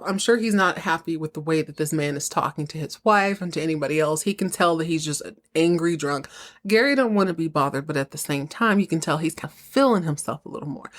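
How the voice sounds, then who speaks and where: A woman hosts a podcast and recaps a TV episode as a comic story. She talks in an animated, chatty way and laughs often. Her voice sits somewhat low. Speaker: podcast host.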